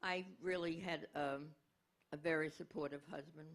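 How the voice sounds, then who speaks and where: A woman's voice: low voice, fairly even intonation, normal speed. A woman in her eighties speaking frankly and wryly as a panel guest. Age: 80s. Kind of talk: reflective panel talk.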